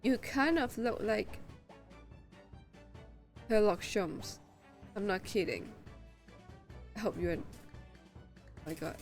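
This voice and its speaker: A woman's voice: mid-range voice, expressive, slow, pauses often, soft background music. A woman, playfully reacting aloud as a game streamer. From Hong Kong. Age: 20s. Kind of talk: game playthrough commentary.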